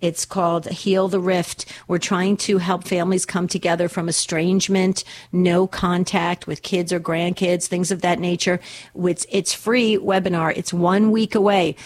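A middle-aged woman hosting a call-in radio show, chatty and quick to laugh at jokes. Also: fairly low pitch, flat delivery. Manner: chatty, laughs easily at her own jokes. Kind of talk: casual call-in radio talk.

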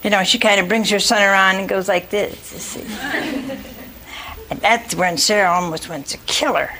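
A woman's voice: medium pitch, moderate pace, a crowd in the background, low-quality recording. A woman preaching a sermon, retelling scripture with folksy asides and acted-out voices for the congregation.

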